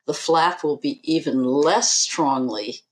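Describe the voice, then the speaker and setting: Slow, measured woman. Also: low-pitched. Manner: measured, emphatic, repeats key figures. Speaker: eye surgeon guest. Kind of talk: podcast interview.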